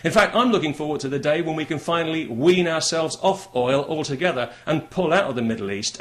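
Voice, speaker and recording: British guy doing a sarcastic rant monologue, mocking and combative, average pitch. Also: a bit bright. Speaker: political commentator. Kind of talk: monologue commentary to camera.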